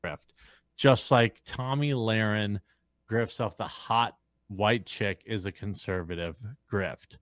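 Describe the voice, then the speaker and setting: A man's voice: lowish voice, takes it slowly, fairly bright tone, no room sound, studio quality. A drunk man ranting bluntly and crudely on a livestream. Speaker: streamer.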